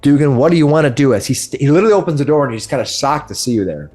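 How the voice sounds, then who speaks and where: A man's voice: mid-range voice, expressive, rapid-fire, darkish tone, faint music behind. A man narrating as game master of a tabletop game, often restarting and correcting himself mid-sentence. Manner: rambling, self-correcting narration.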